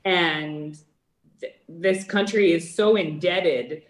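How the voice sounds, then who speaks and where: A woman's voice: on the low side, slow, echoey room, rough recording. A Canadian woman joining the show from France, speaking earnestly and reflectively. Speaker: guest on the phone. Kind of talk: remote interview chat. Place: outdoors on vacation in France.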